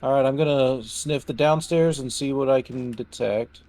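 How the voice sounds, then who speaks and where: A man chatting casually while playing a co-op game, calmly calling out which rooms are clean. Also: medium pitch, normal speed. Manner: easygoing, calls out progress. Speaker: gamer. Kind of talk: casual co-op gameplay chat.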